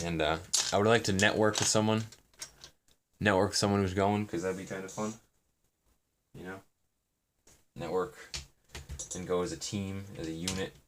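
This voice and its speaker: A young man chatting in a meandering, self-deprecating way on a live stream while he builds. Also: deep voice. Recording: noisy, with keyboard and brick clicks.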